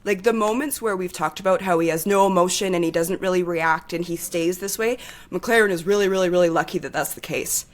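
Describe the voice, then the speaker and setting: A woman's voice: on the low side, brisk. A woman co-hosting a podcast in casual chat, talking with heated, impassioned energy and swearing freely. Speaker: podcast co-host.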